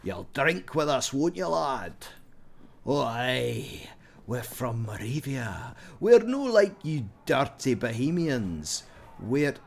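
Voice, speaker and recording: A man's voice: medium pitch, very animated, takes it slowly, vocal fry, heavily acted. A man voicing a rowdy male tavern drinker with a broad, hearty brogue, drawing out his words in a teasing way. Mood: boisterous.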